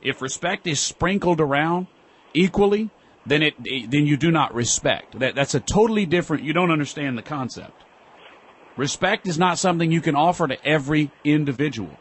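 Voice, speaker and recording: A man's voice: fairly high pitch, lively intonation, normal speed. A man hosting a call-in radio talk show, arguing with a caller in a sarcastic, lecturing way.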